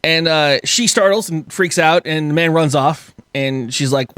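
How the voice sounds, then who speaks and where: A man hosting a podcast, telling a story in an animated, laughing way with casual swearing. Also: a little high, a little slow, clean tone, dry recording, studio quality. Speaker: podcast host.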